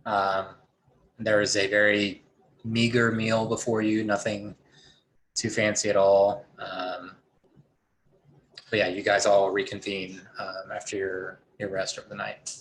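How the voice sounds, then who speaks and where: Man, lowish voice, hesitant game master narrating the scene. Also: little pitch movement, measured pace, pauses often, a bit bright, poor audio. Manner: hesitant, many ums.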